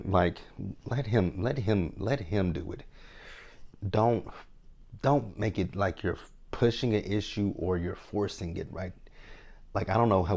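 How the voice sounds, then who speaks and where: The low, gravelly, slightly mellow voice belongs to a TV reviewer in his thirties. In his casual recap he talks frankly and chattily, often checking in with viewers by asking "right?"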